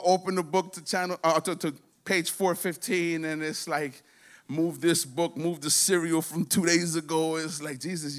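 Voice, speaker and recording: A man doing a stand-up comedy set, rambling and profane, slipping into quick voices for other people. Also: fairly high pitch, a bit bright. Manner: does quick voices for his daughter and others.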